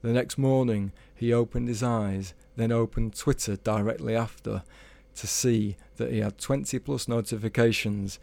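A man telling a comic story in a measured, deadpan way. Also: mid-range voice, vocal fry, no room sound. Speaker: storyteller guest.

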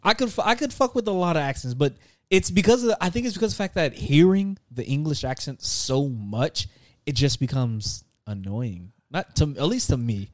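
A man's voice: on the high side, lively intonation, normal speed, no echo, studio quality. A young man co-hosting a podcast in casual chat, rambling and joking, often repeating himself. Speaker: podcast co-host.

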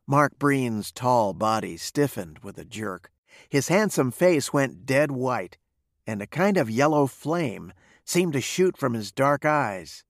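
A man narrating a western novel with a gravelly, lively-pitched voice. His delivery is steady and measured. The recording is close and dry. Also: dry recording. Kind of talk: reading a western novel aloud.

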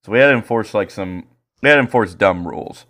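Brief: male podcast co-host, lowish voice, cussing, animated yarn-spinner. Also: fast. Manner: profane, animated storytelling. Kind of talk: casual chat.

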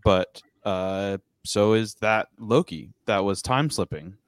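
A man on a casual panel makes his points quickly and confidently. His voice is low, smooth and resonant. The recording is dry and close. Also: dry recording. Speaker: panel guest.

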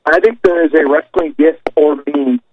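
A man with a slightly high voice chats eagerly on a podcast, speaking as a keen wrestling fan. He often chimes in with quick agreement. His audio sounds dull and lo-fi. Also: slight background noise. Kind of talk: casual chat.

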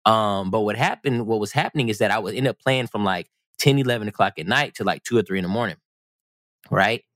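A man in relaxed podcast chat, easygoing and a bit teasing, stretching out his thoughts. His voice sits slightly low, recorded dry and close. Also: no room sound. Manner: easygoing, teasing, drawn-out reflective phrasing. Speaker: podcast co-host. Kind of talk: relaxed casual conversation.

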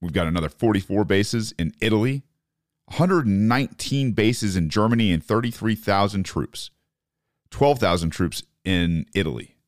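With a lowish, animated voice at a moderate pace, this man hosts a political podcast and swears in disbelief at the news of the day. The studio sound is clean and echo-free as he lays out his opinions.

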